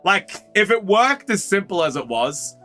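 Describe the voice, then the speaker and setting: A man's voice: high voice, big pitch swings, measured pace, pushed and bright, soft background music. Rambling, slangy young Australian man. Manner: rambling, slangy, repeats himself. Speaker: streamer opening trading cards. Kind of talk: casual live chat.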